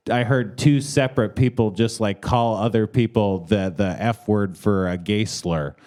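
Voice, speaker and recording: A man telling a casual, halting anecdote full of fillers on a live comedy podcast. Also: on the low side, a little mellow.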